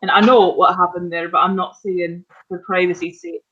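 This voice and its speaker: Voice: mid-range voice, little pitch movement, moderate pace, lo-fi sound. A player narrating their character's actions in a casual tabletop role-playing session over an online call, rambling with fillers.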